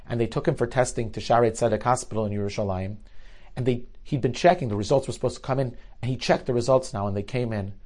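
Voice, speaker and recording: A man telling stories in a sermon, rising loud for climaxes and dropping low for tense moments, with Hebrew and Yiddish terms woven in. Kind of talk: storytelling sermon.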